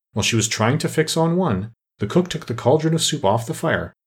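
A man narrating an audiobook with an expressive, varied delivery. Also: medium pitch, slightly rough.

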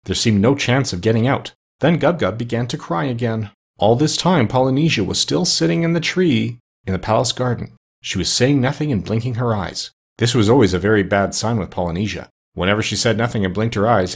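Male storybook narrator, mid-pitch, husky, steady. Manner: steady storytelling, lively shifts for characters. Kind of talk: audiobook narration of a children's novel.

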